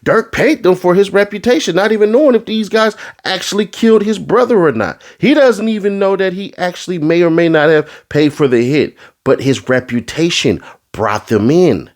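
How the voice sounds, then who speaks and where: A man doing a casual commentary rant, full of street slang, who swings from low asides into high, exasperated outbursts. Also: moderate pace. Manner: street slang, addresses the audience as bro. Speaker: commentary vlogger.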